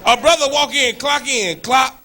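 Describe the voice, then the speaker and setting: A man performing a stand-up comedy set on a club stage, shouting his punchlines and acting out the people in his stories. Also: very high voice, normal speed. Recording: live club recording, loud crowd and noise. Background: loud audience laughter.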